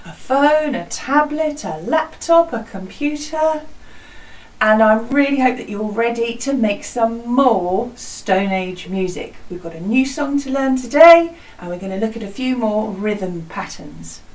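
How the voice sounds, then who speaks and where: A woman's voice: fairly high pitch, lively intonation, unhurried, darkish tone, far from the mic, rough recording. A British woman teaching a home music lesson to young children, in an encouraging singsong teacher manner. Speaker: primary school music teacher. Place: small hut classroom.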